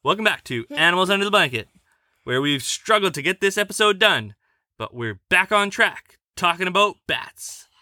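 A woman's voice: lowish voice, animated, normal speed, pushed and bright, dry recording, clean studio sound. A woman hosting a casual podcast chat with a child, speaking in a patient, coaxing, teacherly way into a desk microphone. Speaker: podcast host.

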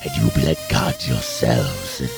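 A man doing a growling, gravelly movie-monster devil. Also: a bass voice, wildly swooping pitch, moderate pace, over music, voice pushed down, heavily acted. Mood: menacing. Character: growling monstrous male devil, blunt and crude.

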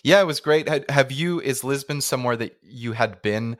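A man's voice: mid-range voice, moderate pace, no echo, studio quality. A man from Canada hosting a podcast, asking questions in a rambling, self-interrupting way. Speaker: podcast host. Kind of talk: casual interview chat.

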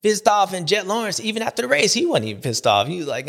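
A male host riffing through casual commentary, slangy and joking. His voice sits a bit high and swings widely in pitch. He keeps breaking into quick impressions of other people. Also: very animated, creaky, fairly bright tone.

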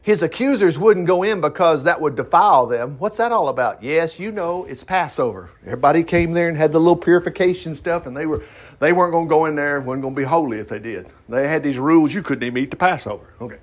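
The pastor here has a fairly high voice and lively intonation, and he moves at a quick pace. He reads scripture aloud at a casual Bible study and comments on it in a folksy, conversational manner, dropping in asides.

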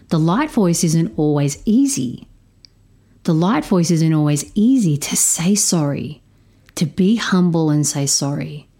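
A woman telling a story about parenting her stepdaughter, speaking in a slow, measured, reflective way. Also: sits low, warm tone. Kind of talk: storytelling talk.

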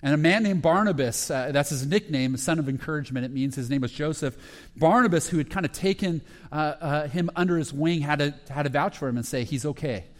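A man preaching a sermon as a pastor, retelling a story with lively quoted voices. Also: on the high side, brisk. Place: church sanctuary. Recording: long reverb of a hall.

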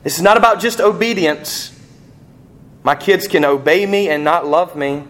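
A middle-aged man preaching a sermon, asking the congregation rhetorical questions and rising sharply in pitch and volume on emphatic points. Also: normal speed, a bit bright. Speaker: pastor.

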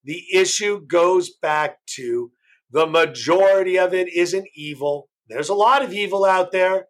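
A man's voice: high voice, a little slow, fairly bright tone. An American man co-hosting a heated debate, combative and pressing with repeated questions. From United States. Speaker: co-host.

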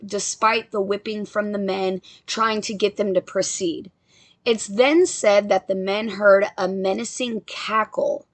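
A woman's voice: medium pitch, fairly bright tone. Chatty woman telling a ghost story. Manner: chatty, joking asides to listeners. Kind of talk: casual storytelling narration.

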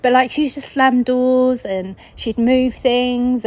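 A woman from England tells a personal story on her podcast in a chatty, casual way. Her voice sits a little on the high side. She acts out the voices of the people in her story as she goes. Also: fairly even intonation, takes it slowly, a little mellow, poor audio. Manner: chatty, acts out quoted voices, laughs often. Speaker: podcast host.

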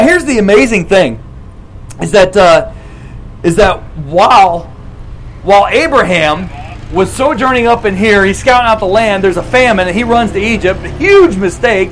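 A man preaching a sermon as a lively story, retelling scripture in casual words and acting out quotes. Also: high-pitched, a little hiss or hum, low-quality recording. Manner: animated, casual retelling with quick acted quotes.

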